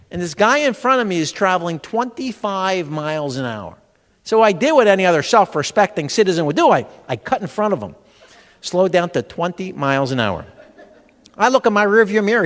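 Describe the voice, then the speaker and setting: A man's voice: high voice, a bit bright. A middle-aged man doing stand-up comedy as a stress educator, playful and acting out the people he quotes. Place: event hall before a live audience. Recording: reverberant hall.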